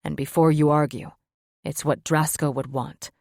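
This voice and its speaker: A woman's voice: fairly even intonation, normal speed, vocal fry, a little mellow, no echo, studio quality. A woman voicing a grim, protective male wolf-shifter in an audiobook. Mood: commanding. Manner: low commanding tone.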